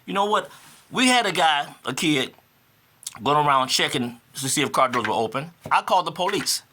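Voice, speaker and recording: A man in his fifties tells his story to the camera in a lively vlog. His voice is bright and sits a little high, and it swings widely in pitch. He repeats phrases for emphasis and climbs into indignant bursts. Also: normal speed, slight background noise. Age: 50s. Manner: animated, repeats himself for emphasis; rising to indignant outbursts. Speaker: vlogger. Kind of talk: casual vlog monologue.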